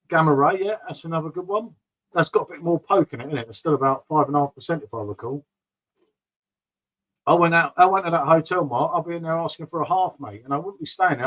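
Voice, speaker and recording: A middle-aged man talks loosely and chattily, drifting from topic to topic. His voice sits a little higher than most men's, and he keeps calling his listeners mate. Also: a bit bright, rough recording. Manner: rambling, chatty, calls viewers mate. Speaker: beer vlogger reading live chat. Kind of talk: casual live-stream chat.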